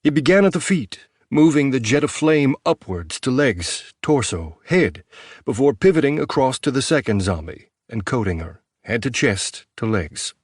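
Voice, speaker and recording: A man's voice: medium pitch, very animated, moderate pace, slightly rough, no echo. A man narrating an audiobook, dry and close.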